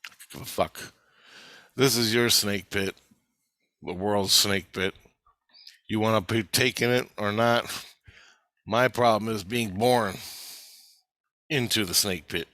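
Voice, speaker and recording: Bright-voiced man, blunt and profane. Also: lowish voice, slow, long pauses, no room sound. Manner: blunt, heavily profane, rambling with restarts. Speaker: channel host. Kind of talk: casual spoken monologue.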